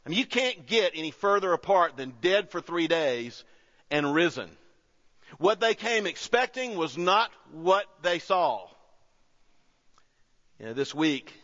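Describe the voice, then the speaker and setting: A high-pitched pastor in his fifties preaches in a chatty, storytelling way that builds to emphatic high points. His voice rings through a large sanctuary with a long reverb. The sound is slightly dull and muffled. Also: fairly bright tone. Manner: conversational preaching, swelling to emphatic peaks. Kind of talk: sermon. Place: church sanctuary.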